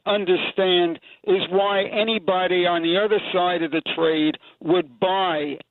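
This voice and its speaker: A man calling in to a radio show, asking a question with hesitant pauses. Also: high voice, fairly even intonation, no room sound. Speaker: caller. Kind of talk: call-in question. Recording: tinny phone line.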